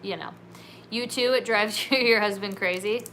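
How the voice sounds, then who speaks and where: A woman's voice: mid-range voice, normal speed, a bit bright, a little hiss or hum. A woman from California hosting a casual solo livestream, bubbly and giggly, saying "like" and "dude" a lot. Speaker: livestream host.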